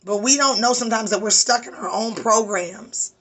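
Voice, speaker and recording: Woman tarot reader, emphatic and preachy, tired voice, bright and breathy. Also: on the high side, normal speed. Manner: preachy, emphatic, swears casually. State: weary voice. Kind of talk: spiritual tarot reading.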